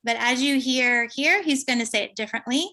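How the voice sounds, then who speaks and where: A woman researcher giving an academic conference presentation, explaining her findings step by step with frequent pauses and fillers. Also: fairly high pitch, pushed and bright.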